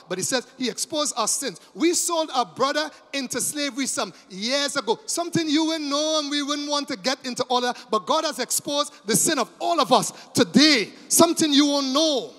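A man preaching a sermon, telling the story dramatically and swinging from hushed tones to shouting. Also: extremely high pitch, expressive, moderate pace, hardly any pauses. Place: church. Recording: long church reverb.

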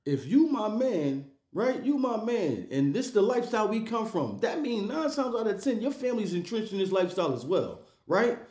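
A man's voice: high voice, very animated, moderate pace, hardly any pauses, a little mellow, roomy sound. A man co-hosting a casual podcast discussion, talking emphatically and checking in with "right?" and "come on, man.". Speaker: podcast co-host.

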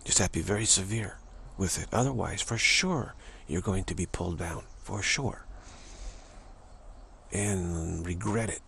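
A deep, creaky, somewhat bright male voice speaks unhurriedly over slight background noise. He gives a spiritual teaching monologue, often repeating himself, restarting, saying "you know," and acting out small dialogues.

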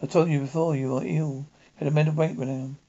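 A man playing a calm, firm doctor who reasons with a killer in measured words. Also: on the high side, creaky. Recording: dull lo-fi recording.

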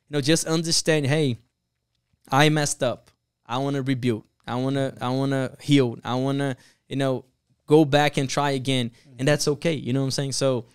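A man speaks as a guest pastor on a podcast, earnest and animated as he acts out the lines in his stories. His voice is smooth and clear at a middle pitch. The sound is dry and close to the mic. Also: no echo. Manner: earnest, animated storyteller who acts out quotes. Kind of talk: casual podcast storytelling.

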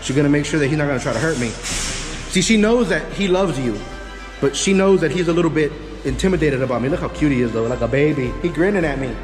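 A man's voice: a little high, lively intonation, fast talker, big-room sound, over music. A man with a Texan accent, a dog trainer talking casually and profanely to the camera, his dogs and a helper while he trains.

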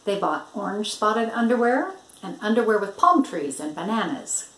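An older woman, a grandmother, reading a picture book aloud in an expressive storytelling manner. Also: mid-range voice, normal speed. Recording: roomy echo.

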